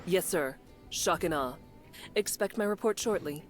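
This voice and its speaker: A woman's voice: fairly low pitch, measured pace, faint music behind, close to an everyday voice. A woman voicing a brash, aggressive female detective in a video game, with blunt, clipped, threatening talk. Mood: tough.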